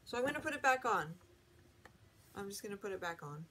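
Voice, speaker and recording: A woman's voice: medium pitch, very animated, fairly quick, pushed and bright, a little hiss or hum. Chatty woman rambling through an unboxing. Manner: chatty, rambling, self-correcting. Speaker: vlog host. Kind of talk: casual unboxing chat.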